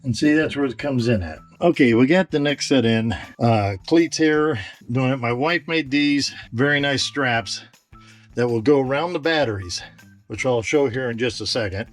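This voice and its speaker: A man giving a casual, halting how-to walkthrough of wiring his trailer, slightly out of breath. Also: medium pitch, soft background music. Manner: plain, halting, lots of "uh". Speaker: RV owner doing a DIY install. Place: travel trailer and its storage bay, hot weather.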